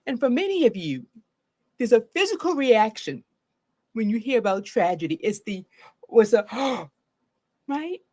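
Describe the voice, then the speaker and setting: A woman therapist from Baltimore, speaking live to her viewers in an expressive way and acting out her own reactions as she talks. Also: on the high side, measured pace, long pauses. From Baltimore, Maryland. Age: adult with a grown daughter.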